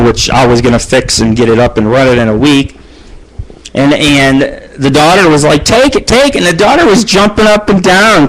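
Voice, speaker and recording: A man's voice: fairly high pitch, poor audio. A middle-aged man hosting his own radio show, telling crude stories in a profane, boastful ramble. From United States.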